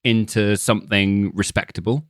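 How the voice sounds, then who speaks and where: Thoughtful, low-voiced podcast host. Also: male voice, fairly even intonation, dry recording, studio quality. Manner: measured, reflective explaining. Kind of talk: casual podcast chat.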